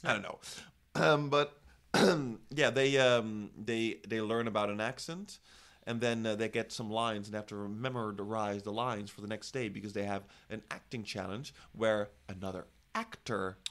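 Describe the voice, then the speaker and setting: A man's voice: lowish voice, steady tone, a little slow, fairly bright tone. A young man co-hosting a casual podcast chat, playful and giggly. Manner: giggly, playful, tries silly voices. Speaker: podcast co-host.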